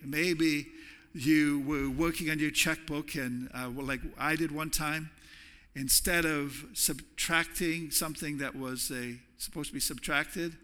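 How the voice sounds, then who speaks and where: A man's voice: a little high, bright, forceful tone. A male pastor preaching a sermon in a church sanctuary, in a conversational way that often repeats words as he restarts. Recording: long reverb of a large hall.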